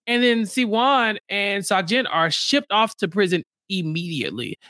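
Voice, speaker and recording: A man's voice: high-pitched, lively intonation, moderate pace, bright, forceful tone, no echo, studio quality. A man co-hosting a podcast, chatting casually as he recaps a reality show and acts out quotes from it in exaggerated voices. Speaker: podcast co-host.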